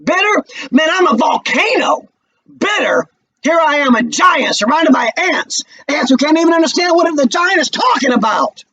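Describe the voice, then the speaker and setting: A man voicing a bitter, explosive young husband who rants loudly and scornfully in a play read aloud. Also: very high-pitched, big pitch swings, moderate pace, highs cut off, voice pushed up, exaggerated voice. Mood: furious. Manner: loud, scornful and ranting.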